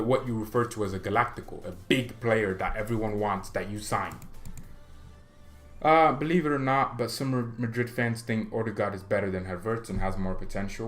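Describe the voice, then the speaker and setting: A man's voice: fairly low pitch, fairly bright tone. Young guy ranting about football transfers, rambly and opinionated, faint music behind. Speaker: fan channel host. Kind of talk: casual football commentary monologue.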